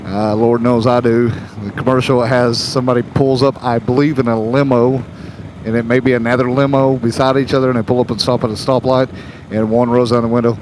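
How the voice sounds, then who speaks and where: A man's voice: mid-range voice, darkish tone, rough recording. A man, rambling and joking as he rides his motorcycle and vlogs. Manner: joking, chatty, wanders off topic. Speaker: motorcycle travel vlogger. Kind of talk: rambling chat while riding. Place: on a motorcycle on the road. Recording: engine and road noise. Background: motorcycle engine and traffic.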